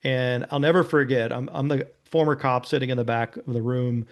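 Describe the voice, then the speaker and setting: A former police officer who founded a nonprofit guests on an interview, telling a personal story in an earnest, casual way. His medium-pitched voice is brisk with fairly even intonation, and he often adds "you know" and "right?"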